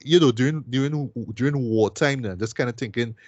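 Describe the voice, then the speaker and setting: A man's voice: medium pitch, a little fast, a little mellow, no echo, dull audio. A man co-hosting a podcast, chatting casually and enthusiastically about a film with lots of fillers and tag questions. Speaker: podcast co-host reviewing a film. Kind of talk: casual film review chat.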